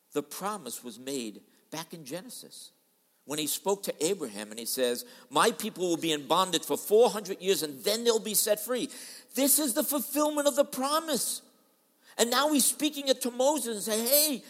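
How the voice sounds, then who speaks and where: Guy preaching, dramatic, bit high voice, long echo in a big hall. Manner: dramatic preaching, acts out quoted voices, swings loud and soft. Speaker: pastor. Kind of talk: sermon. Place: large church hall.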